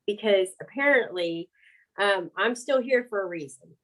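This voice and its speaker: A middle-aged woman, an interview guest, telling her story candidly, frank and animated, laughing between words. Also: mid-range voice, moderate pace, poor audio.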